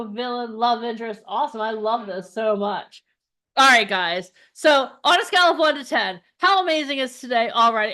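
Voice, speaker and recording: A woman's voice: on the high side, fairly bright tone. A woman hosting a live virtual event, upbeat and chatty, leading the audience in an energy exercise. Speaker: event host.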